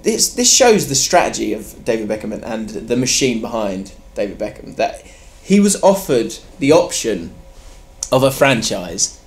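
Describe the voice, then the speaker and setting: A man's voice: fairly low pitch, sing-song, moderate pace. A man from London hosting a casual football podcast, rambling and chatty. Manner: rambling, chatty, trailing off mid-sentence. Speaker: podcast host.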